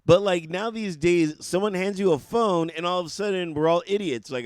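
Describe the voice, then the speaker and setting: A man telling a story in casual podcast chat, animated and swearing freely. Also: high-pitched, moderate pace, smooth, no room sound. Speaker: podcast co-host.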